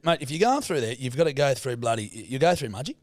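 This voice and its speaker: A stubborn Australian dad barks directions at his son and will not take no for an answer, as his son puts him on. The voice sits higher and louder than the son's own, with a bossy, insistent push. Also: animated, quick pace, dry recording, studio quality, close to an everyday voice.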